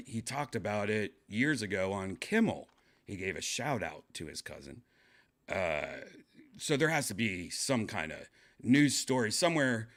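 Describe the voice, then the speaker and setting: A man hosting a podcast in a deadpan, trolling manner, mumbling with drawn-out fillers and muttered asides. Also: lowish voice. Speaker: podcast host. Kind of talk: casual chat, deadpan trolling.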